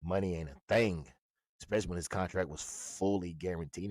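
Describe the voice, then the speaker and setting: Deep-voiced man ranting profanely. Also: fairly quick, darkish tone, no room sound. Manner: profane, mocking and confrontational. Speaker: sports commentator. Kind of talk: ranting fan commentary.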